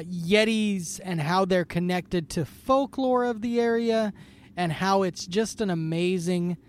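Playful joking podcast man. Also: sits high. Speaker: podcast co-host. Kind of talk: casual podcast chat.

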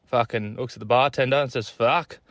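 A man's voice: mid-range voice, moderate pace, a bit bright, no echo. A man with an Australian accent, calling in to a podcast. He swears constantly while spinning a crude joke in a laid-back way. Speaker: caller. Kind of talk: crude casual joke-telling voice message.

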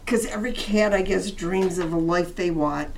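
A woman co-hosting a podcast in casual chat, easygoing and musing, quick to laugh. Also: lowish voice, darkish tone. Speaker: podcast co-host.

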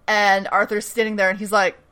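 A woman's voice: mid-range voice, a little fast, smooth. Woman animatedly recapping a show. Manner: animated storytelling, swears freely, laughs often. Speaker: podcast host recapping a TV episode. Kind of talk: casual chat.

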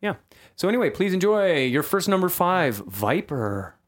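A man hosting a comedy podcast sketch, animated and quick to shout in high, startled bursts. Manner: animated, jumps into high-pitched exclamations. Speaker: podcast host.

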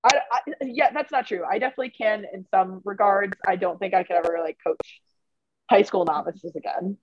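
A woman co-hosting a casual podcast chat, jokey and expressive. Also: medium pitch, brisk, no room sound, dull audio. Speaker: podcast co-host.

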